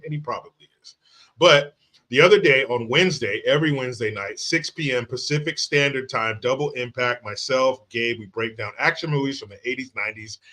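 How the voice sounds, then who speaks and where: A man hosting a casual livestream, reading out viewer comments and greeting people by name in an animated, profane way. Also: medium pitch. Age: adult father of young children. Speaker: livestream host.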